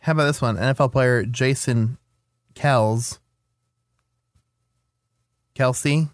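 A man's voice: mid-range voice, slow, dry recording. A young man in casual podcast chat, playful as he reads out odd news items. His voice sits mid-range, recorded close and dry with no room sound. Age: young adult. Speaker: podcast co-host.

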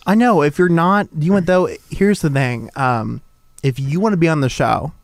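A man's voice: on the high side, normal speed, no echo, clean studio sound. Playful young male talk show host. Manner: playful, gushing. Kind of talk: casual banter.

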